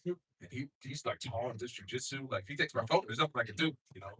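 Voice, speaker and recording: A middle-aged man doing a rambling, profane stand-up comedy set, with loud bursts when he acts out other people. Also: medium pitch, quick pace, slightly rough, low-quality recording.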